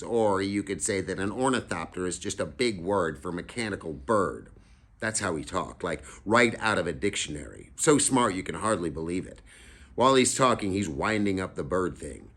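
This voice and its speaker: A man narrates a novel in the first person, keeping a relaxed, conversational storyteller's way about it. His voice sits very low. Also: normal speed. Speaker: audiobook reader.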